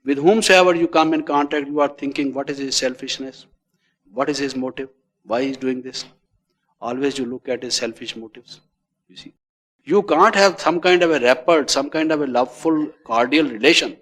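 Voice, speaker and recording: A man with an Indian English accent giving a spiritual lecture on meditation, stressing phrases and letting them fall away quietly. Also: medium pitch. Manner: repetitive, emphatic, often trailing off quietly at phrase ends. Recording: long hall reverb.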